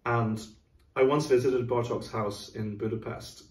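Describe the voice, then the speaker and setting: A man's voice: medium pitch, steady tone, measured pace, a little mellow, distant mic. A middle-aged man, an orchestra's music director, explaining a program in a thoughtful, casual chat. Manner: thoughtful, explanatory, sings rhythms aloud. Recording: roomy, from off mic.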